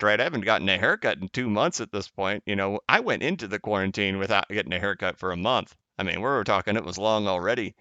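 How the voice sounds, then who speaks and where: A man's voice: lowish voice, expressive, fast talker, few pauses, pushed and bright, no room sound, highs cut off. A man hosting a crypto live stream, chatting casually as he reads viewer comments, rambling and correcting himself, often laughing.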